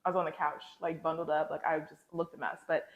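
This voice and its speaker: A woman with a somewhat low voice shares a confessional faith story, talking to her viewers in a casual, slangy way. The sound is roomy, with a clear echo around her. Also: flat delivery, fast talker, phone-quality sound. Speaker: lifestyle vlogger. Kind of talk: candid faith storytelling to camera.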